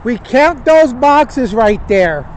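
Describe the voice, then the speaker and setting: Older man with a very high voice, slow-talking. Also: very animated, rough recording. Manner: chatty, pointing out sights to viewers. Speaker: vlog host. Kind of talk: walking tour narration. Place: outdoors on a windy bridge by traffic. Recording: outdoor wind and traffic noise.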